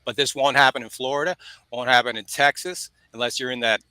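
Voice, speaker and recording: A man's voice: medium pitch, fairly even intonation, fairly quick, sharp tone, smooth, no echo, low-quality recording. A man co-hosting a podcast, talking bluntly and heatedly, often breaking off to apologize. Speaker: podcast co-host. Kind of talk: casual podcast chat.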